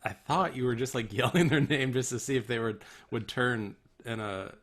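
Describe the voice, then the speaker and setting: A man's voice: mid-range voice, moderate pace, fairly bright tone. Regular-voiced guy on a podcast, unsure questions that trail off. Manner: hesitant, trailing off, laughing questions. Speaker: podcast co-host. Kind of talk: casual chat.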